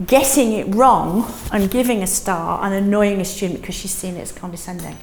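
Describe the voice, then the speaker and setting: A middle-aged woman leading a teaching workshop in a classroom, lively, often checking in with "yes?". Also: mid-range voice, a little fast, echoey room, slight background noise. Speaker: teaching trainer.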